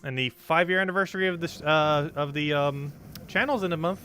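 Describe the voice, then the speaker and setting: A young man streams a game and talks straight to his chat, explaining tactics in a loose, meandering way full of fillers. His voice is bright and forward, and he rattles along at a brisk clip. Soft music plays underneath. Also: fairly high pitch. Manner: rambling, explains game strategy with many fillers. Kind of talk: casual live-stream commentary.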